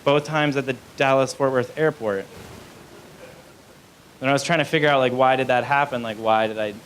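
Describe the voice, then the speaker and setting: A young adult man performs a live stand-up set in a small club, rambling, self-deprecating, and full of fillers. His mid-range voice is a bit bright, with fairly even intonation and normal speed. The recording is low quality, with slight background noise.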